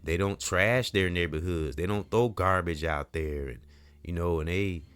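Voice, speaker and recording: A man's voice: sits low, normal speed, a bit bright, smooth. A middle-aged man talking straight to camera in a casual, earnest, rambling monologue, full of "you know" and the odd curse word. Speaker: community vlogger.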